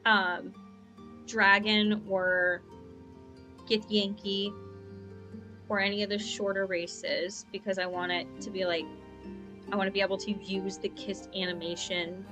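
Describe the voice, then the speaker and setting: A woman's voice: mid-range voice, level tone, a little slow, pauses often, over music. A young woman chatting casually while streaming a game, rambling and upbeat, on a lavalier mic at home. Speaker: gaming streamer. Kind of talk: casual live-stream chat.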